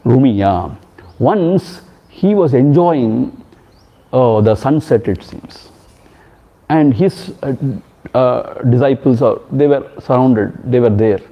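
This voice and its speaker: A man's voice: medium pitch, lively intonation, slow. A man with an Indian English accent leads a spiritual discourse at a retreat, telling stories and driving points home with emphatic repetitions. His voice sits in a middle range. The recording is muffled and lo-fi. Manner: storytelling, emphatic repetitions, chants in Sanskrit. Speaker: swami teaching a retreat. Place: ashram hall. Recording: dull lo-fi sound.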